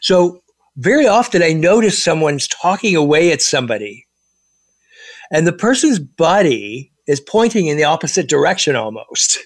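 A man's voice: a little high, normal speed, no echo, studio quality. A man in casual conversation, telling stories with lots of fillers and restarts. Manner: animated storyteller, many fillers and restarts.

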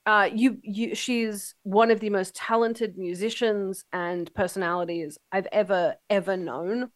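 A woman hosting a radio talk show, sick and short of breath, talking warmly and effusively. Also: medium pitch, fairly even intonation, unhurried, no echo, studio quality.

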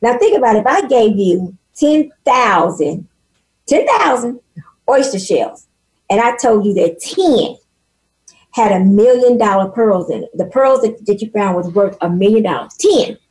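Loud, animated husky-voiced woman guest. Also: medium pitch, measured pace, rough recording. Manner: loud, animated, preachy storytelling. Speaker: podcast guest. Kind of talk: casual faith and business chat.

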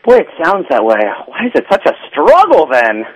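A man answering interview questions with a fairly high, very lively voice that swoops up and down. He sounds easygoing and playful, and agrees readily with his host. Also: moderate pace, husky, dry recording, low-quality recording. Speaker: guest, TV show creator. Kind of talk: casual interview chat.

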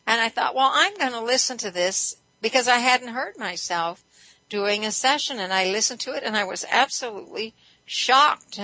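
A middle-aged woman from West Texas, a hypnotist hosting a reflective self-help talk show, guiding listeners gently with a stream of questions. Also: mid-range voice, no room sound, low-quality recording. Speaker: host and hypnotist.

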